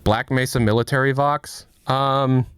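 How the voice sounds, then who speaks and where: A man's voice: medium pitch, a little slow, clean tone. A man chatting casually on a livestream, joking with his chat and trying out impressions. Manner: joking, does impressions, lively. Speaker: streamer.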